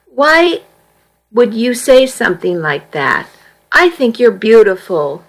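Uma mulher dando voz a um garoto adolescente tranquilo e brincalhão, que fala de forma direta e sem pressa. A voz é um pouco aguda para um rapaz, e o ritmo é lento. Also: female voice, fairly high pitch, slow, full character voice, poor audio. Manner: calm, matter-of-fact. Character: teenage boy, easygoing, teasing best friend.

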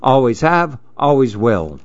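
A grumpy reclusive boy from a storybook, fussy and exclaiming, as a man reads him aloud. The voice jumps up high and swings widely in pitch. It sits on a slightly dull, lo-fi recording. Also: big pitch swings, measured pace, no echo. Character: grumpy reclusive boy who wants to be alone.

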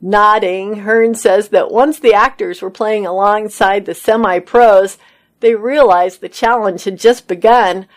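A woman reading entertainment news articles aloud in a steady read-aloud manner. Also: medium pitch, measured pace.

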